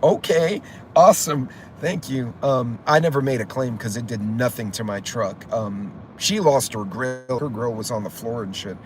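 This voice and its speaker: A man's voice: mid-range voice, normal speed, hardly any pauses, slight background noise. A middle-aged man hosting a casual livestream, telling stories in a rambling, profane way. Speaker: channel host.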